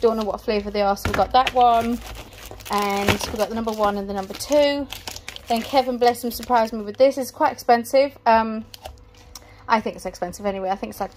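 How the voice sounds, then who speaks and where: A woman's voice: mid-range voice, a little hiss or hum. A woman, a mother, chatting casually through a grocery haul item by item, a little out of breath. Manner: chatty, rambling item-by-item listing. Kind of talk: casual vlog chat. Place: family home, indoors.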